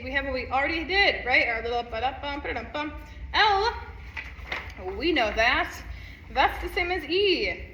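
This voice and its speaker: Bright-voiced woman teaching music. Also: high voice, slight background noise. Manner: counts rhythms aloud and sings them; upbeat, encouraging. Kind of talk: instrument lesson walkthrough. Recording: echoey room, faint ambience.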